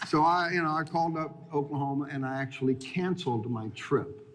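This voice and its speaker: A man's voice: fairly high pitch, a little fast. A man in his fifties, a former football player and interview guest, telling stories in a rambling way with frequent restarts and chuckles. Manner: rambling, laughing as he tells stories, many restarts. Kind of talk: casual storytelling in an interview.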